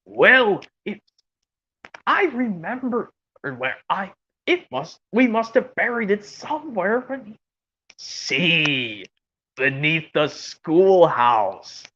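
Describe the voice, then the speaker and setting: A woman voicing a kindly old male dragon who speaks slowly and fondly remembers, over dull lo-fi audio. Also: on the low side, big pitch swings, fairly bright tone, a little hiss or hum, full character voice. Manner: slow, reminiscing, halting.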